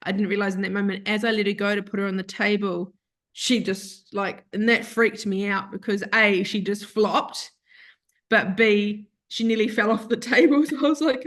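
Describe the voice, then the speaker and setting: Woman telling an emotional personal story. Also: medium pitch. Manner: animated, quotes herself and others in lively voices. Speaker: podcast guest.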